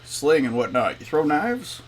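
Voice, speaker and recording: Man doing a mumbling gruff janitor. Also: fairly high pitch, sing-song, unhurried, far from the mic. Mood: terse. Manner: clipped broken mumble.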